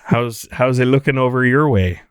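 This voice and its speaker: A man's voice: normal speed, clear, resonant tone, dry recording, clean studio sound. A Canadian man co-hosting a casual podcast, reading an ad with jokey, hammy delivery. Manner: jokey, hammy ad delivery with big pitch swings. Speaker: podcast co-host. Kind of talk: casual chat and playful ad read.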